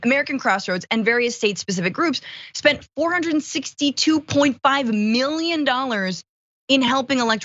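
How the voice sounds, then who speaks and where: A woman filling in as host of a political talk show, chatting casually with quick, sarcastic asides. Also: a little high, fairly bright tone, no room sound, dull audio. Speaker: fill-in host.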